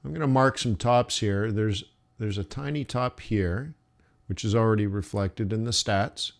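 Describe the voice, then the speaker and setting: Now his voice is lowish, with noticeable vocal fry. He trades forex on a livestream, slowly musing over the charts and calling his viewers "guys."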